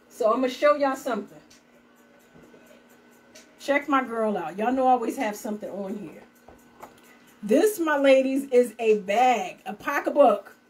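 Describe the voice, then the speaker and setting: On a livestream, a woman pitches her handmade bags in a chatty, upbeat way, speaking directly to her viewers. Her voice is high and recorded from a distance.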